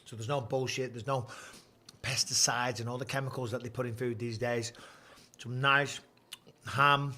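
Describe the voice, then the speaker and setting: A man's voice: mid-range voice, steady tone, normal speed, pushed and bright. A man in his forties hosting a casual fight-night livestream, boisterous and jokey, swearing freely. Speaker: livestream host.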